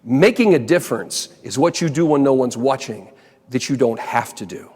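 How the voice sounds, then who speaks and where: A man's voice: medium pitch, normal speed, breathy edge. A man giving a motivational keynote, telling a funny story that turns earnest, in a big hall. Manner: animated comic storytelling that turns quiet and earnest. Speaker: motivational speaker. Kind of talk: storytelling keynote speech to a live audience. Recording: long hall reverb from a large venue.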